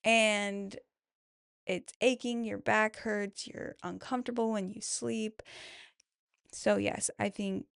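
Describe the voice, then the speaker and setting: A woman talks casually into a close mic, reading follower answers about motherhood and cheering each one on. Her voice has a gravelly, creaky edge, and she takes her time. The sound is dry and close. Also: medium pitch, steady tone, slow, no echo. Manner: warm-hearted, affirming, chatty with frequent "I love that". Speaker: mom podcaster reading follower replies. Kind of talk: casual solo chat.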